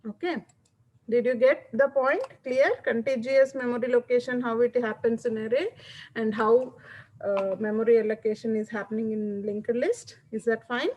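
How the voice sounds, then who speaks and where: A woman's voice: on the high side, fairly even intonation, normal speed, darkish tone, rough recording. A woman giving a classroom lecture, explaining step by step and often checking that students follow.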